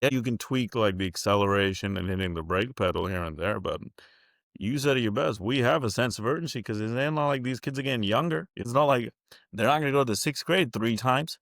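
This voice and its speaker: A man's voice: mid-range voice, a little fast, gravelly, fairly bright tone, no echo, studio quality. A man who leads a school district, talking in a casual interview in a plain-spoken, folksy way and acting out the conversations he quotes. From California.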